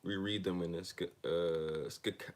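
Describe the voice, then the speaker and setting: A deep-voiced man reads a self-help text aloud. He stumbles and restarts on words, then breaks off into loose, slangy chat before going back to the page. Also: fairly even intonation, unhurried. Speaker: reader of a self-help book on a channel. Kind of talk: reading aloud with casual asides.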